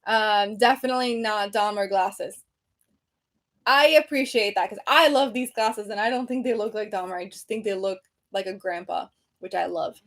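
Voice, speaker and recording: A woman's voice: mid-range voice, fairly even intonation, moderate pace. A woman in her thirties casually chatting on a home livestream, reading comments aloud with many ums and restarts. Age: 30s. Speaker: creator hosting a livestream. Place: room at home. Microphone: computer webcam mic, seated at desk.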